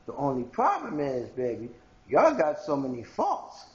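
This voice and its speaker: A man's voice: medium pitch, wildly swooping pitch, moderate pace, reverberant, muffled recording. A man from Haiti delivering a rambling, confrontational monologue straight to his viewers in a home video blog. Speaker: video blogger. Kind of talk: ranting monologue to camera.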